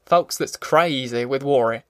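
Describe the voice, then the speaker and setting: A man's voice: mid-range voice, a little slow, dry recording, studio quality, natural voice. A man voicing a bitter, worn-down male migrant in an audiobook, with a sly, mocking manner and a drawl. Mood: weary. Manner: sly, mocking giggles turning grim and weary.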